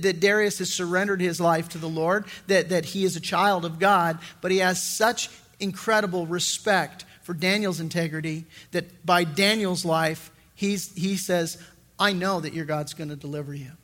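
A middle-aged man preaching a sermon as pastor, in a lively conversational way with frequent restarts. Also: high-pitched, moderate pace, few pauses.

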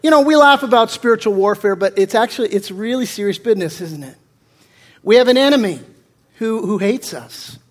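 High-voiced male pastor. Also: lively intonation, quick pace. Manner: conversational, joking, with many fillers and restarts. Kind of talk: sermon.

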